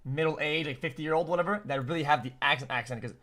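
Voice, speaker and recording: A man's voice: a little high, quick pace, sharp tone. A man from Canada reacting to videos in casual, profane commentary, often stammering and restarting his sentences.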